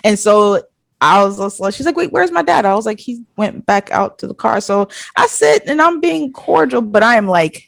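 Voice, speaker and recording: A young woman from Nigeria on a podcast, telling a dating story in casual chat, animated and profane, acting out the quotes. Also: medium pitch, normal speed, vocal fry, no room sound, clean studio sound. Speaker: podcast co-host.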